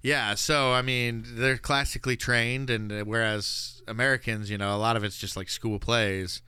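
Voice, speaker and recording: A man's voice: medium pitch, steady tone, bright, forceful tone, smooth, dry recording. A man co-hosting a movie podcast, chatting casually and joking as he talks. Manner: joking, quick to correct. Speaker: podcast co-host. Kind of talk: casual chat.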